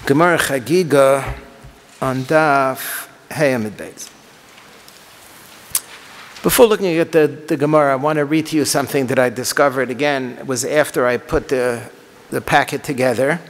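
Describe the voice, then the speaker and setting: A middle-aged man teaching a text class, reading Hebrew passages aloud and translating them, halting with fillers and restarts. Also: mid-range voice. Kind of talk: lecture reading and translating Hebrew and Aramaic texts. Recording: long hall reverb.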